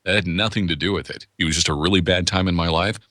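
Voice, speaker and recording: Deep, bright-voiced man chatting candidly. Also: steady tone, quick pace, no room sound, clean studio sound. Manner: candid, rambling with restarts. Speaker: voice actor guest. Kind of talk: casual interview talk.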